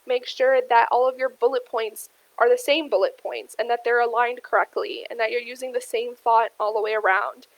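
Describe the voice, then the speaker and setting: A woman's voice: on the high side, normal speed, few pauses, dry recording, low-quality recording. Woman presenter, dry close sound. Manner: steady explainer with frequent ums, addresses "you guys". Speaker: career workshop presenter. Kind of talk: instructional presentation.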